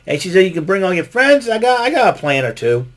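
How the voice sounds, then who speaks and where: Quick and sing-song, this man's voice sits high as he runs through a casual wrestling recap on his podcast. He rambles, chuckles a lot, and fills his talk with fillers and restarts.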